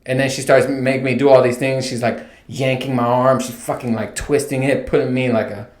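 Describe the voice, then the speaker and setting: A man's voice: mid-range voice, little pitch movement, brisk, darkish tone. A man in a mid-range voice rants casually and swears freely as he tells an exasperated comic story. His voice rings in a roomy, echoey space. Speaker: podcast host. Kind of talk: casual comedic rant. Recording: roomy echo.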